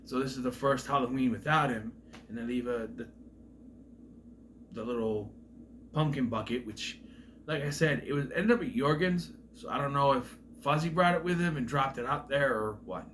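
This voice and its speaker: A man giving a casual, rambling recap of a film's plot, with restarts and asides, who sometimes acts out characters' lines in loud voices. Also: medium pitch, normal speed, slight background noise. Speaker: film reviewer.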